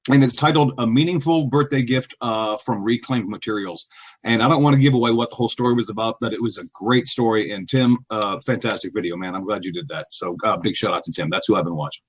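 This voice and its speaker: A man co-hosting a casual podcast over a remote connection. His voice is a little husky, and he talks animatedly, stumbling through ums and restarts with frequent laughter. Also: fairly low pitch, fast. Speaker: podcast co-host.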